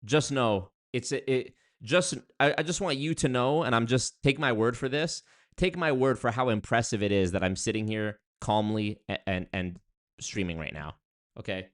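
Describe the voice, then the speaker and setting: A man's voice: mid-range voice, moderate pace, dry recording, clean studio sound. A young man chatting casually on a livestream, reading viewer comments aloud and rambling with many fillers and restarts. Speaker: streamer reading chat.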